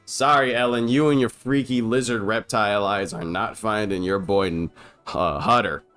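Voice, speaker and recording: A man's voice: lowish voice, fairly even intonation, moderate pace, fairly bright tone, clear, resonant tone, faint music behind. Rambling, profane movie-riffing man. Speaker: movie commentator. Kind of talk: casual movie riff commentary.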